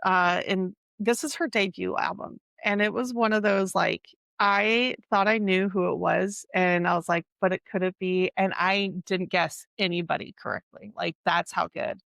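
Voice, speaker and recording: A woman's voice: mid-range voice, fairly even intonation, moderate pace, gravelly, few pauses, fairly bright tone, no echo. A woman co-hosting a podcast, talking casually about books, stopping often to search for the right word. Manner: chatty, searches for words, many fillers. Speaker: podcast co-host. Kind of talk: casual book chat.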